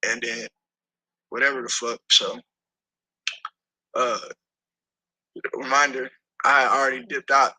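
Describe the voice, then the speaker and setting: Husky-voiced man, very sharp and tense tone, animated profane storyteller who acts out the voices in his story, dry close sound. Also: medium pitch, slow pace, long pauses, no room sound, low-quality recording. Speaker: interview guest. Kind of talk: casual storytelling in an interview.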